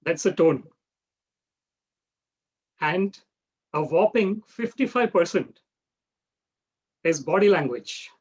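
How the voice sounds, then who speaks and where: Male workshop leader, slightly high voice, patient explainer, muffled video-call sound. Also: animated, slow pace, pauses often, darkish tone, slightly rough. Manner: explanatory, often checks in with "right?". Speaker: public speaking workshop leader. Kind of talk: online workshop lesson. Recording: dull lo-fi video call audio.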